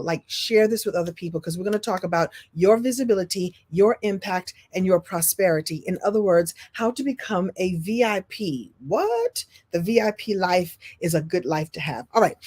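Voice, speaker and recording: A woman hosting a live-stream coaching talk. She is expressive and animated, leaping from loud, high bursts down to soft, low asides and repeating phrases for emphasis. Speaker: speaker and business coach.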